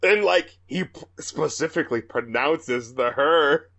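A man's voice: on the high side, a little slow, vocal fry, sharp tone. A man co-hosting a casual album review podcast, laughing often and mocking the lyrics he quotes. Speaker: podcast co-host.

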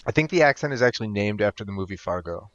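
A man co-hosting a casual podcast, joking in a dry, deadpan way. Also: on the low side, very fast, dry recording, highs cut off. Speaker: podcast co-host. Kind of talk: casual chat.

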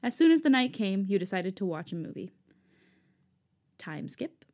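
A woman's voice: mid-range voice, sing-song, normal speed, a little mellow. Giggly young woman reading fanfiction aloud. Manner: giggly, playful storyteller. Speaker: podcast co-host. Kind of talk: casual fanfiction reading and chat.

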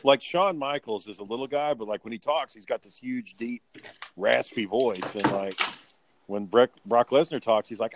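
A man's voice: medium pitch, normal speed, noisy background. A man talking in a laid-back casual chat, swearing freely and trailing off into fillers.

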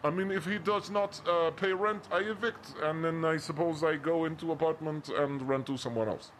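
A man's voice: on the high side, steady tone, normal speed, slight background noise, lightly acted. A man voicing a friendly building supervisor who speaks broken English and drops his articles. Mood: chatty.

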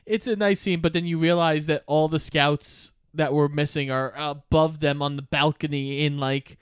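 Smooth-voiced man recapping a movie plot. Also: on the high side, steady tone, moderate pace, dry recording, studio quality. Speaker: podcast co-host. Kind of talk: casual chat recapping a movie.

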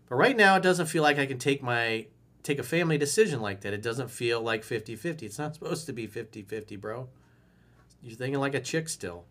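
A man's voice: medium pitch, fairly bright tone. A man coaching viewers on their relationships, with a voice in the middle of the usual range. He talks bluntly and with swagger, swearing freely. He often acts out firm lines for the listener to repeat. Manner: blunt, emphatic, profane and swaggering, acting out lines to say. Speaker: dating coach. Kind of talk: video coaching, answering viewer emails.

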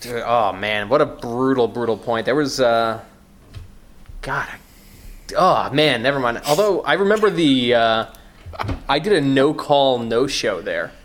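Podcast co-host, man in his thirties, mid-pitched voice, loose rambling storyteller who swears a lot. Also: unhurried, slight background noise. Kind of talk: casual chat.

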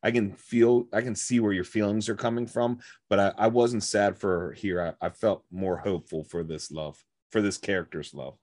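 A man with a fairly low voice talks in relaxed podcast chat about music. He hesitates often and restarts his sentences as he gathers his thoughts. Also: normal speed, hardly any pauses. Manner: hesitant, with many fillers and restarts. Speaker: podcast co-host. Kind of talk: casual music review chat.

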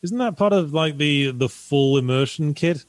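A man's voice: fairly high pitch, moderate pace, no echo. A man, co-hosting a casual podcast chat, dry and wry, reading out viewer donations.

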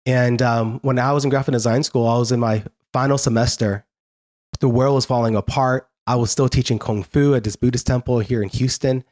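A man's voice: mid-range voice, steady tone, a little mellow. Earnest man telling his story. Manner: earnest, halting storyteller with many restarts. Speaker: guest.

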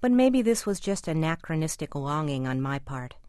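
A woman commentator reading her own reflective personal essay in a measured way. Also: low-pitched, sing-song, a little mellow, dry recording, clean studio sound.

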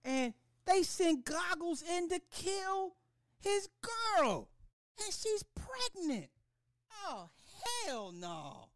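A man hosting a podcast in casual chat, animated and slangy, with lots of restarts and swearing. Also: very high voice, very slow, no room sound, clean studio sound. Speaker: podcast host.

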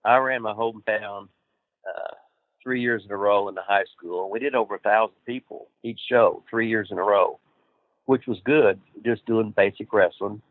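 A man who trains wrestlers, telling profane, animated road stories as a guest. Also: lowish voice, moderate pace, dry recording. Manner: profane, animated, laughs at his own stories. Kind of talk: casual storytelling interview. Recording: dry tinny phone-like line.

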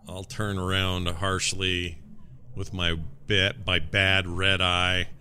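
A man's voice: low-pitched, flat delivery, slow pace, bright, forceful tone, slight background noise. A man playing a tabletop game, chatting casually and joking. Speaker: player. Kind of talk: casual chat.

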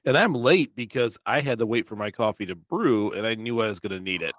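A man with a deep, stuffy, congested voice hosting a podcast in casual, teasing chat. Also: expressive, fairly quick, fairly bright tone, dry recording. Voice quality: deep bass voice. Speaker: podcast host.

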